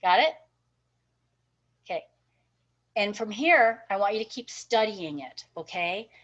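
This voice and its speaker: In a recorded class lecture, a female nursing instructor speaks with a medium-pitched, animated, fairly bright voice at a measured pace. She's encouraging and keeps checking in with her students, often asking "okay?" and "right?" The lecture recording sounds dull and lo-fi.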